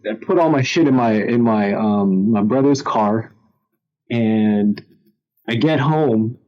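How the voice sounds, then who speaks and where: A man's voice: lowish voice, slow, dull audio. A young man telling a personal story in casual chat, candid and frank, often raising his voice to act out what others said. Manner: candid storytelling, acts out quotes in raised voices. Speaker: podcast guest.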